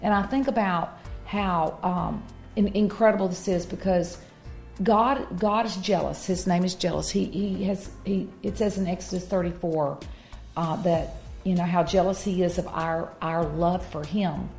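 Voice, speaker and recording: Earnest woman, lowish voice, soft music. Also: unhurried. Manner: earnest, with frequent fillers and restarts. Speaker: co-host of a Christian marriage talk. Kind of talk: casual faith-based chat.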